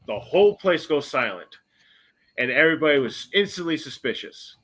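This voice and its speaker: Rambling, excitable male podcast host. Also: on the high side, moderate pace. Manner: rambling, self-correcting storyteller with bursts of excitement. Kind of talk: casual lore retelling.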